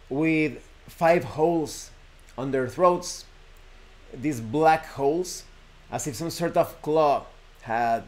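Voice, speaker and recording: A man whose voice sits on the high side, darkish in tone, hosts a show. He tells a horror folk tale casually, wandering along, correcting himself and using frequent fillers.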